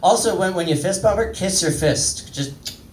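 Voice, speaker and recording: Thirty-ish guy doing crude standup, bit high voice, roomy echo from far off. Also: animated, moderate pace. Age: 30s. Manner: rambling, crude, self-mocking. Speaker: stand-up comedian. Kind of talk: stand-up set with crowd work. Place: comedy club stage. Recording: echoey room, voice from far off.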